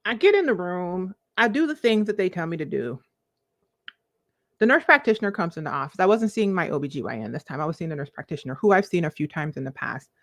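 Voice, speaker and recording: A woman in her forties telling a personal story to her live-stream viewers, expressive and confiding, with sudden leaps in pitch. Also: quick pace, no room sound, clean studio sound. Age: 40s. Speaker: vlogger, life coach.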